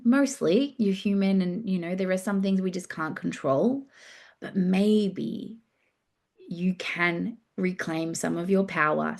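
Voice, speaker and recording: A woman's voice: lowish voice, darkish tone. A woman hosting a casual solo podcast on relationships, talking loosely, swearing freely and acting out listeners' inner thoughts. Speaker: podcast host and relationship coach.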